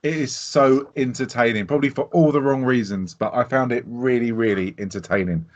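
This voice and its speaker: A man co-hosting a podcast, chatting casually about a film, animated and laughing, swearing freely. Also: medium pitch, a little fast. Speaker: podcast co-host. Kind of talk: casual film review chat. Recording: dull lo-fi sound.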